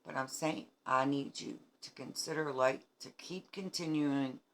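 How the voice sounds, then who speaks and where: A woman's voice: rumbling low, steady tone, a little slow, slight background noise. A woman in her fifties from New England who speaks to viewers in an earnest, emphatic video diary about her treatment. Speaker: cancer patient sharing her treatment journey. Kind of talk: heartfelt personal video diary.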